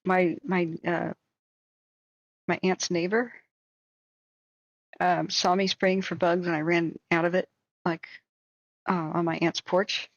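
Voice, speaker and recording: A woman's voice: on the low side, little pitch movement, takes it slowly, long pauses, dry recording, muffled recording. Chatty woman streamer with a sore voice. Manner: chatty, emphatic, repeats words when starting sentences. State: slightly sore voice. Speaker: wildfire-tracking live streamer. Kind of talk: casual live-stream chat. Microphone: home streaming setup.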